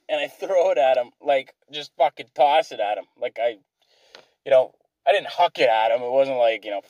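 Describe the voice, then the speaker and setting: A man's voice: mid-range voice, moderate pace, a little mellow, dry recording, highs cut off. A tired man telling rambling, profane stories about old jobs, from a car. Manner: profane, rambling, self-deprecating. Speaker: vlogger. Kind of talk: rambling storytelling.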